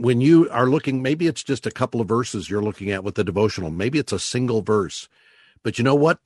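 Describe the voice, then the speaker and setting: A man hosting a call-in radio show, talking callers through ideas and slowing down to stress words as he teaches. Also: mid-range voice, dry recording, studio quality. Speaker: radio host.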